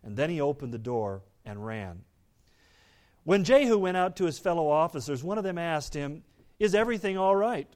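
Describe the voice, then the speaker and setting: Man preaching with a raised pitch. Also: expressive, normal speed. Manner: dramatic reading, rising loud on quoted lines. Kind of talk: sermon, reading scripture aloud with commentary.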